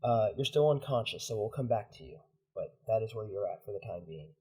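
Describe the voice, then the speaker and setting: A man narrating as game master of a tabletop roleplaying game, in a measured way. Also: fairly low pitch, lively intonation, a little mellow, breathy edge.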